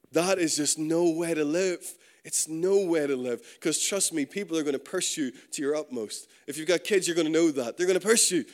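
A male pastor preaching an earnest sermon, dropping low and soft then rising to punchy emphasis, acting out quoted inner voices.

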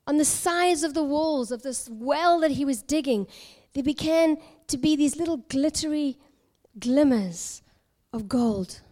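A high-voiced woman from South Africa preaches by telling a parable. Her delivery is expressive and dramatic, and she sometimes drops to a near whisper for emphasis. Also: measured pace, hardly any pauses. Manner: expressive, dramatic storytelling with hushed whispered moments. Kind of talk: sermon storytelling.

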